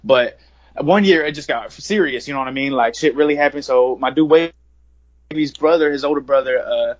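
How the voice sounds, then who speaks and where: A man's voice: medium pitch, moderate pace. A young man from West Virginia, a rapper guest in an interview, telling a long story in slangy, profane talk full of fillers like "you know what I mean". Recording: dull lo-fi podcast recording.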